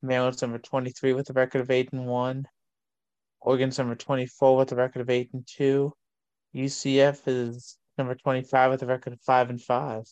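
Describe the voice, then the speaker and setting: A man, hosting a casual sports show and reading long lists of college rankings in a steady way. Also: mid-range voice, a little fast, clear, resonant tone, no echo, lo-fi sound.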